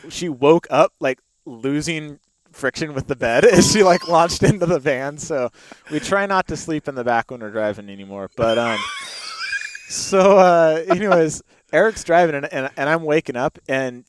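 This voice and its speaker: A man's voice: on the high side, lively intonation, normal speed, a little hiss or hum. A young man telling a long story in casual chat, with lots of fillers and laughs, spoken into a studio mic. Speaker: podcast guest.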